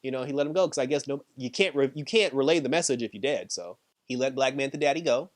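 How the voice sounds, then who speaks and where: A man casually recapping a TV episode, chatty and quick to laugh, with lots of "like" and "you know.". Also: mid-range voice. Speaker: TV show reviewer.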